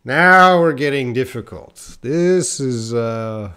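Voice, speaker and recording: A man leading a live online English class, talking slowly and carefully. He is playful, tries tongue twisters, laughs at his own slips and answers viewers' comments as he goes. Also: mid-range voice, expressive, sharp tone, clean tone. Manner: chats with viewers reading their comments. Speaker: English teacher.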